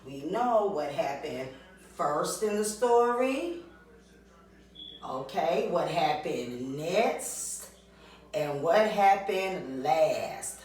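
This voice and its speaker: Slow, patient woman teacher in echoey room. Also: on the low side. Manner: slow, drawn-out sounding of vowels with questions to the class. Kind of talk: recorded reading lesson for young children.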